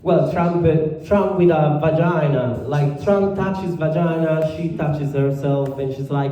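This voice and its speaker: A man's voice: on the high side, lo-fi sound. Italian man doing echoey stand-up. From Italy. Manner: deadpan, halting delivery with many fillers. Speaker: stand-up comedian. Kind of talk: stand-up comedy set. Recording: far from the mic in a very echoey room.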